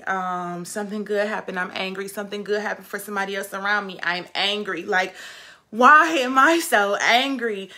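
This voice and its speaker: Bright-voiced woman giving emphatic pep talk. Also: mid-range voice. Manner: emphatic and repetitive, addressing viewers as "baby" and "ladies". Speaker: vlogger and travel nurse. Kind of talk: casual motivational talk to camera.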